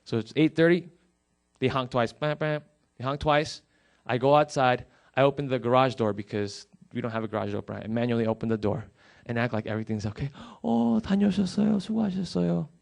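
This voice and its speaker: A man's voice: mid-range voice, fairly even intonation, fairly quick. A middle-aged male pastor preaching a sermon, telling a personal story and pleading earnestly with his listeners.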